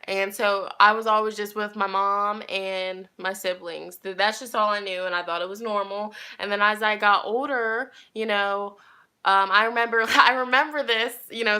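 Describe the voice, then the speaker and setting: A woman's voice: medium pitch, pushed and bright, smooth. A young woman chatting to her viewers in a rambling, casual storytime, talking straight to them as she goes. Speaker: tarot reader and vlogger.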